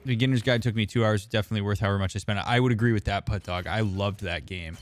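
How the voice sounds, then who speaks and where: A man's voice: lowish voice, very fast, slight background noise. A young man, a therapist streaming a game, chatting casually and answering viewers by name. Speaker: therapist streamer reading chat. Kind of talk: casual gaming stream chat.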